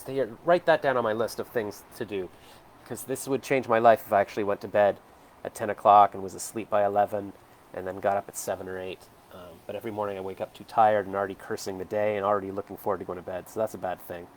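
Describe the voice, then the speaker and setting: A man's voice: lowish voice, steady tone, fast. Rambling, hesitant man in his forties. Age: 40s. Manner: rambling, hesitant, full of fillers. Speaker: vlogger. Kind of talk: casual self-reflective monologue. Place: home.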